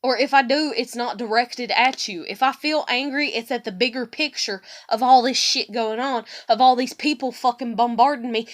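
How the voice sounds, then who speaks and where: A woman's voice: on the high side, moderate pace, hardly any pauses. A woman vlogging a casual, irritated rant, swearing often and acting out conversations in quoted voices.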